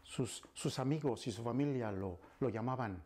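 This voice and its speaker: A man's voice: medium pitch, brisk, few pauses, a little mellow, breathy edge. A man telling a story dramatically, often dropping to a whisper.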